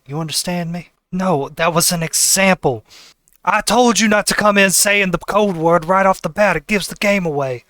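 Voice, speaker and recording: A man's voice: mid-range voice, measured pace, pushed and bright, dry recording, clean studio sound. A man voicing a blunt, streetwise companion in a tabletop game, talking in an exasperated, matter-of-fact way.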